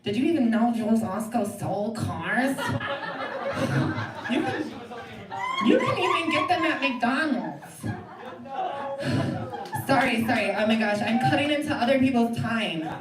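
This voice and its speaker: A woman's voice: a little high, big pitch swings, measured pace, pauses often, a crowd in the background. A young woman doing a live improv character, a giddy, scatterbrained Southern girl child star obsessed with toys, who rambles and trails off mid-sentence. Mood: flustered giddy. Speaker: improv performer. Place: theatre stage. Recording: echoey stage, distant mic, loud audience.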